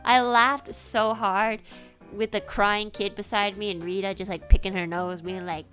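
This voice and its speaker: A young adult woman streamer telling a casual story in an animated way, swearing freely and laughing often. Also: medium pitch, unhurried, soft background music.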